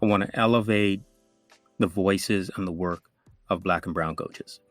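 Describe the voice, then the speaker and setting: A man who hosts a podcast, speaking earnestly and warmly inviting guests to join. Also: low-pitched, measured pace, faint music behind. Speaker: podcast host. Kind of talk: casual podcast chat.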